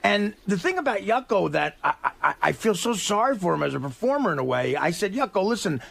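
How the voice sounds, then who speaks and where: A man's voice: high voice, very animated, fairly quick, creaky, a bit bright. A male comedian telling a backstage story on a radio show, chuckling as he goes. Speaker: comedian guest. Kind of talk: casual storytelling.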